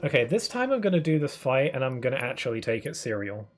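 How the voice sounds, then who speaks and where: A man's voice: medium pitch, very animated, fast talker, soft background music. A British man who streams games, chatting casually with his viewers in a rambling way, restarting his sentences often. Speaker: game streamer. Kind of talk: casual live-stream chat while gaming.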